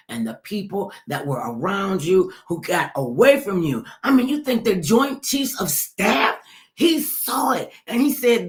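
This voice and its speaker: A woman's voice: mid-range voice, animated, normal speed. A woman talk show host delivering an emphatic political commentary monologue, repeating herself and addressing listeners directly.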